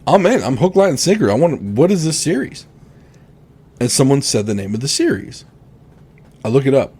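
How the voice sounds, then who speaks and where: Animated, cursing man on a podcast. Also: medium pitch, moderate pace, breathy edge. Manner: animated, swears freely, exasperated rants. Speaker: podcast co-host. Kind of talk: casual chat.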